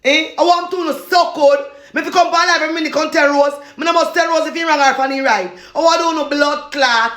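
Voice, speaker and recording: A Jamaican woman in a loud, repetitive, cursing rant, laughing between insults. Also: high voice, fairly even intonation, fairly quick, few pauses, roomy sound.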